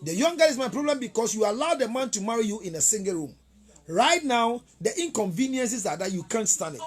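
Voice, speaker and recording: A man's voice: high voice, very animated, fairly quick. A man with a Ghanaian accent hosting an advice show as a relationship counselor, emphatic and repetitive as he lectures. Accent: Ghanaian English.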